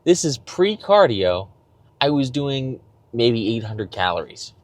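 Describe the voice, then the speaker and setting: A man's voice: mid-range voice, very animated, slow pace, no room sound. A young man talking casually in a diary-style fitness vlog, rambling and swearing freely as he restarts his sentences. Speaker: fitness vlogger.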